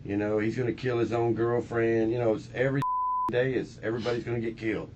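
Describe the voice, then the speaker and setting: A man being questioned by police, talking in a low, rambling, agitated way and repeating himself. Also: fairly even intonation, fast, dull audio. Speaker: suspect being interviewed. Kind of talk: police interrogation recording. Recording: noisy interrogation room recording.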